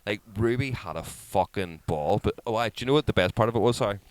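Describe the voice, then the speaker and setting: A man's voice: quick pace, clean tone, dry recording, poor audio. A man in his thirties, a podcast co-host telling a story in casual chat, swearing freely and acting out what others said. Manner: animated storyteller, swears a lot, acts out quotes in high voices.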